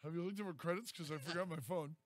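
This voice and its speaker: A man's voice: a little high, fast talker, a little hiss or hum. A man co-hosting a radio show, telling stories and teasing the others in casual banter. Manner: storytelling, sarcastic, teasing. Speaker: radio co-host.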